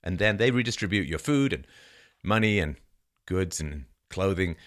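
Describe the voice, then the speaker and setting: A man's voice: deep voice, animated, normal speed. A man hosting a podcast, giving a sarcastic history monologue and reading old quotes in a dramatic way. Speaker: podcast host.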